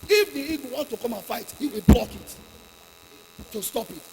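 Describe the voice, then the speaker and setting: A man's voice: extremely high pitch, expressive, unhurried, vocal fry, noisy background, heavily acted. A man voicing a curious young chicken that asks its elder wondering, eager questions in a long hall reverb.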